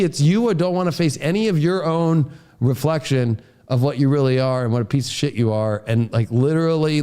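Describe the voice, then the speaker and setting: A man's voice: a little high, mellow. A man who is a father, an astrologer giving a forecast as a heated, profane rant. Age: adult, a father.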